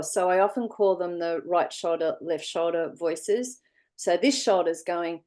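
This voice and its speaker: A woman's voice: on the low side, steady tone, unhurried, mellow. A woman with an Australian accent, a guest in an online interview over a video call, telling stories animatedly and acting out voices.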